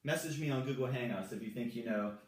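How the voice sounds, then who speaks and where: A male Spanish teacher walking through verb forms at a whiteboard, slowly and patiently repeating each one. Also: mid-range voice. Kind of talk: whiteboard grammar lesson. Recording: echoey room, mic far off.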